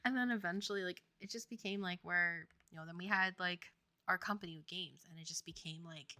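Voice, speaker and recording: Bright-voiced chatty woman streamer. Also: fairly low pitch, a little fast, no echo. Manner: chatty, laughing often, many fillers. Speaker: game developer streaming. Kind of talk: casual chat.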